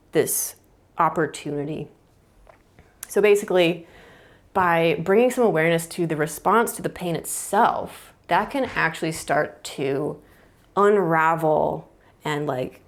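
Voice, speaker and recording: Young adult woman, therapist, lowish gravelly voice, casual thoughtful explainer with fillers. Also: slow. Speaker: mind-body therapist. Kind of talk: explaining at a whiteboard.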